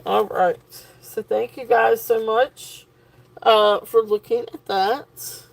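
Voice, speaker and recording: A woman with a fairly high, steady, gravelly voice speaks slowly while hosting a casual live jewelry sale. She fawns over each piece, repeats her compliments, and stumbles through plenty of ums and restarts.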